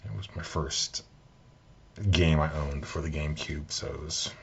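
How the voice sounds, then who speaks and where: A man talking through his video game collection in a relaxed, soft-spoken way, thinking aloud as he goes, at home. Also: a bass voice, measured pace, gravelly, breathy edge, highs cut off.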